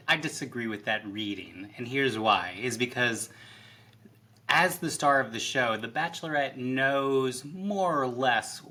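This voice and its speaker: A man co-hosts a casual podcast, arguing his reading of a reality dating show one step at a time. His mid-pitched voice sounds bright and forward. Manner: argumentative, builds his case point by point. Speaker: podcast co-host. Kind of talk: casual reality TV recap chat.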